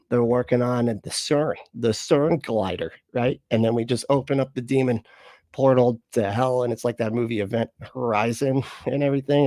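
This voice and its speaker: A man's voice: medium pitch, mellow, no room sound. A man chatting casually on a live stream, reading viewer comments aloud with rambling, profane jokes. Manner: profane, rambling, jokey, reads chat aloud. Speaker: streamer reacting to clips.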